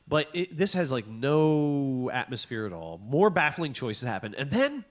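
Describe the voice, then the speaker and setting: Animated, profane comedy podcast guy. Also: medium pitch, unhurried. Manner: animated, profane, acts out exasperated reactions. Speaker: podcast co-host. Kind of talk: casual comedic chat.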